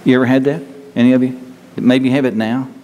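A man preaching a sermon in a conversational, halting way, often restarting his sentences. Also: medium pitch, steady tone, darkish tone, big-room sound.

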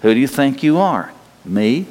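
A man preaching a sermon in a conversational way, asking the congregation questions and giving God's answers in a slower, gentler voice. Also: medium pitch, sing-song, slight background noise. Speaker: pastor. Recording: long reverb of a large hall.

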